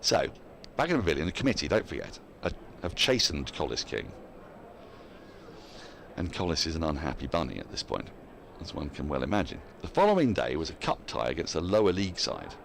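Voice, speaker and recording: A man commentates live cricket in a low register with huge, free pitch swings, brisk pacing, vocal fry, and a fairly bright tone over a little hiss or hum. He keeps it chatty, breaks into easy laughs, and reads listener emails between deliveries.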